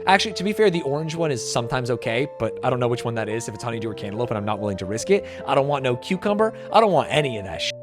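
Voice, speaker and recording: Racing along with hardly any pauses, an American man does casual reaction commentary on video clips during a stream, joking, swearing and ranting in exaggerated bursts. His mid-range voice swings widely in pitch, and music plays in the background.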